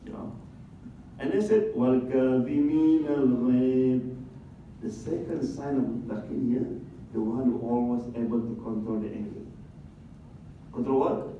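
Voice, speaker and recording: Speaking a little fast with a steady tone and frequent pauses, a medium-pitched Indonesian imam delivers a religious talk, quizzing his audience and playing out small scenes. It's recorded in a large conference hall from afar, echoey and dull with faint hiss or hum.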